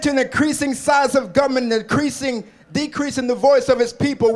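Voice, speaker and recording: A man's voice: very high voice, fairly even intonation, brisk, hardly any pauses. A man delivering an impassioned political rally speech, building rhetorical repetitions and leading the crowd in call-and-response chants. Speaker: rally speaker.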